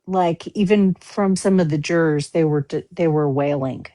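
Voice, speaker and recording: A woman's voice: low-pitched, moderate pace, dark tone. A woman and mother in casual chat, telling things in a rambling way with lots of "like". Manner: rambling, heavy use of "like".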